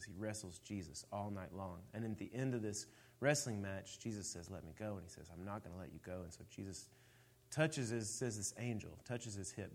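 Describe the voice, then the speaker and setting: Low-voiced man moderating a panel. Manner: relaxed, chatty retelling with filler words. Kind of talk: casual question-led discussion.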